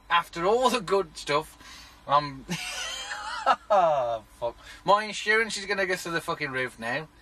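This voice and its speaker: A man, telling a sweary, animated story in a casual vlog rant. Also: sits high. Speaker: vlogger.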